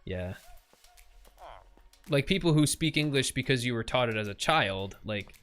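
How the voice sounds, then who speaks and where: A man's voice: medium pitch, animated, a little slow, a bit bright, soft background music. A young man chatting casually on a livestream while he plays, throwing in goofy made-up sound words. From USA. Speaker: streamer.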